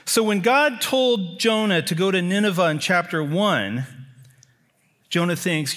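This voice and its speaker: A male preacher delivers a sermon in a voice pitched a little above most men. He talks emphatically and stacks repeated phrases to drive each point home. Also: expressive, measured pace, fairly bright tone.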